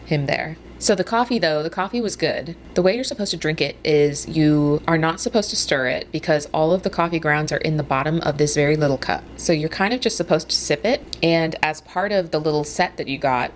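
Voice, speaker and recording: A woman's voice: deep voice, fairly quick, hardly any pauses, slight background noise. A young woman, casually chatting through a travel vlog and gushing over food and sights. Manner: enthusiastic, gushing. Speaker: vlogger.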